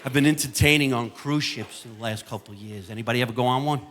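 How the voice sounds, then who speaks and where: A man's voice: mid-range voice, fast, over a noisy crowd. Fields: Sex: man. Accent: New Jersey. Style: brash stand-up. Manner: brash, crude storytelling. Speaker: stand-up comedian. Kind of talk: live stand-up comedy. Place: high school auditorium stage. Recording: live audience laughter, noisy hall.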